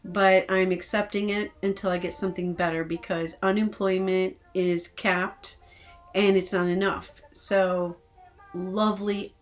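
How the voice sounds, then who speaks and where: A woman's voice: medium pitch, little pitch movement, unhurried. A woman from Texas venting in a casual personal vlog, frustrated and rambling with many hesitations. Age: adult with decades of work history. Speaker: vlogger.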